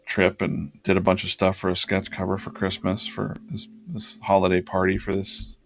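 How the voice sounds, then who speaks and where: Male streamer-artist, rough gravelly voice, casual rambling storyteller, faint music underneath. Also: deep voice, monotone, normal speed. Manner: rambling, anecdotal, many fillers and restarts. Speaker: artist hosting a live drawing stream.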